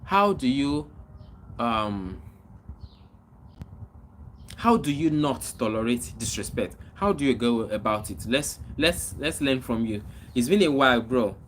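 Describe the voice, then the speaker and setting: Male streamer, casual chat with viewers, mid-range voice, faint background noise. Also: medium pitch. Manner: reads out viewer comments and greets them by name; animated greetings, then slower reflective talk. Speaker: livestream host.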